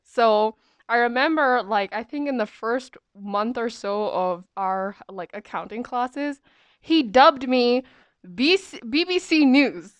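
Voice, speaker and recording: A young woman in her twenties rambles through a casual storytime, full of fillers and asides. Her voice is clean and smooth. It sits close and dry, with no room around it. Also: on the high side, slow pace, no echo. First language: English. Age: 20s. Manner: chatty, rambling, many "um" and "like" fillers.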